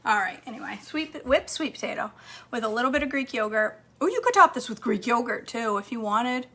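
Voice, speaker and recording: A woman's voice: on the high side, expressive, a little fast, sharp tone. A woman vlogging casually from her home kitchen, chatting to viewers and her dog as she cooks. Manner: chatty, talks to her dog between steps. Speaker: cooking vlogger.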